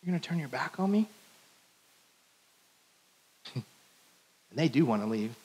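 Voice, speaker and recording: A man's voice: fairly high pitch, fairly bright tone. A man preaching a sermon in a church, in a conversational, playful style that acts out the quotes. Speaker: pastor. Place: church sanctuary.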